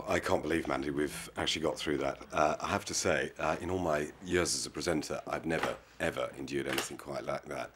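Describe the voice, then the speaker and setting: An English man hosting a spoof talk show, flustered and repeating himself as he tries to calm his guests. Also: a bass voice, a little fast, slight background noise.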